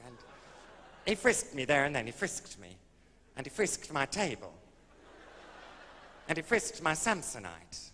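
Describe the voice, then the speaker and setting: A man's voice: a little high, big pitch swings, measured pace, pauses often, sharp tone. A man, telling a camp, arch, innuendo-laden story as a stand-up comedian on stage. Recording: echoey old live stage recording with faint hiss.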